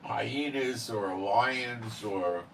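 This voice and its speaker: A man's voice: mid-range voice, very slow, gravelly, a bit bright, recorded from a distance, slight background noise, rough recording. A man hosting his own channel, talking in a rambling casual monologue full of fillers and "okay?" tag questions. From Israel. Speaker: channel host.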